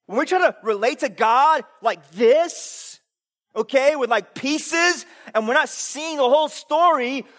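This man's voice is very high, and he keeps a measured pace while delivering a sermon casually. He swings from loud, emphatic lines to hushed asides and throws rhetorical questions at the congregation.

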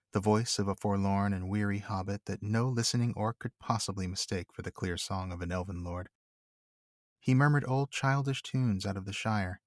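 A man co-hosting a book podcast, chatting and reading passages aloud in a measured, steady way. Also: on the low side, dry recording, studio quality. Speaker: podcast co-host and reader.

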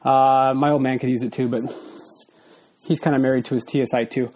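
A man's voice: mid-range voice, flat delivery, a little fast, darkish tone. A man in his forties hosting a casual solo podcast, a little out of breath, rambling loosely with fillers and restarts. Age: 40s. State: slightly out of breath. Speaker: podcast host.

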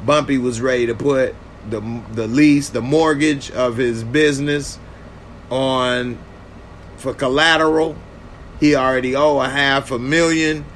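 This reaction video features a man offering loose commentary on a TV episode while addressing viewer comments. He speaks at medium pitch with a steady, slightly bright tone and a measured pace, and some slight background noise is present.

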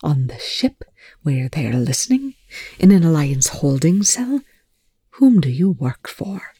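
Narrator doing dry, sardonic scientist man; smooth hush, mellow tone, dry booth sound. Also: mid-range voice, sing-song, measured pace, no echo, heavily acted. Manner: dry, smooth, hushed hissing. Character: sardonic cool male scientist. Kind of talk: audiobook reading of fan fiction.

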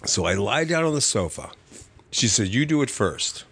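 An older man, a comedy writer and podcast guest, telling a story in a vivid, profane and animated way. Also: mid-range voice, moderate pace, breathy edge, dry recording.

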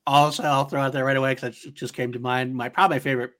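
A man co-hosting a casual podcast chat, enthusiastic and quick to laugh. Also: medium pitch, flat delivery, fairly bright tone. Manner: enthusiastic, quick to laugh, quotes movie lines. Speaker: podcast co-host.

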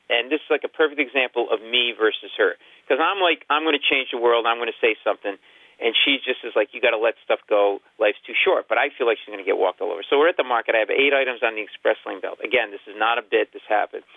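A man from an Italian-American family telling comic stories, acting out quotes in loud, high voices. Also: no echo. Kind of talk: animated comic storytelling. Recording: tinny phone-like line.

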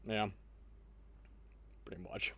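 A man co-hosting a podcast speaks slowly in relaxed conversation, cursing freely and laughing a lot. He comes across as animated. The recording has no room sound.

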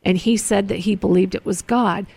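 A woman with a gravelly, fry-tinged voice chats earnestly as a show host. She tells personal stories, often stopping and restarting her sentences. The recording is dry and close. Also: mid-range voice, fairly even intonation, normal speed, a little mellow, dry recording. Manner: earnest, storytelling, many restarts. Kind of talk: casual chat. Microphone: close mic in a studio.

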